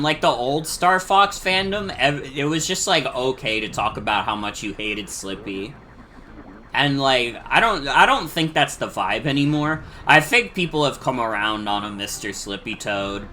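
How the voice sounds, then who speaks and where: A man's voice: mid-range voice, sharp tone, a little hiss or hum. A man streaming a retro game, chatting casually with lots of filler words and cursing. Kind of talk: casual gameplay commentary.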